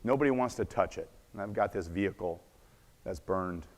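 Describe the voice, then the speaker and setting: A man giving a conference talk, telling a dramatic story and shifting between loud bursts and hushed asides. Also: low-pitched, normal speed. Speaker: conference speaker. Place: conference stage. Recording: echoey conference hall.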